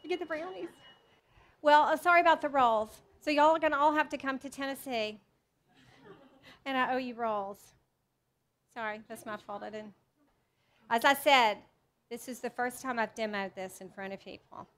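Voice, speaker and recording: A woman's voice: on the high side, moderate pace, pauses often, a bit bright, smooth. A woman giving a live cooking demonstration to an audience, chatty and self-deprecating, with frequent restarts. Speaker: cookbook author doing a cooking demo. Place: teaching kitchen with a live audience.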